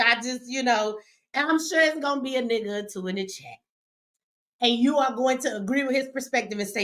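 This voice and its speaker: A woman's voice: mid-range voice, expressive, normal speed, a bit bright. A woman hosting a casual livestream, talking in with a brash, joking manner, swearing freely and ribbing her chat. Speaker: livestream host. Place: home studio.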